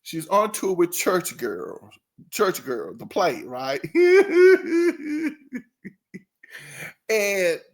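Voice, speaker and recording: A man's voice: a little high, creaky. A man hosting his own channel, telling a story casually in a rambling way, laughing often and imitating the people in it. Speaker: channel host.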